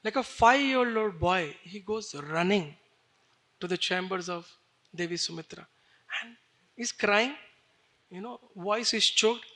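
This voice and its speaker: A man preaching a devotional sermon as an animated, emotional storyteller. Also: sits high, normal speed.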